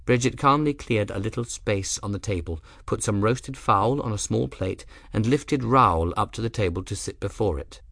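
A man narrating an audiobook in an expressive, measured way. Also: fairly low pitch, gravelly, no room sound, studio quality. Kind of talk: scripted narration.

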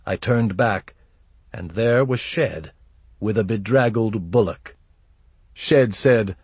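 A man narrates a first-person audiobook in a low, husky voice. His delivery is laconic and dry. The recording is close, with no room sound. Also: slow, a little mellow, no echo.

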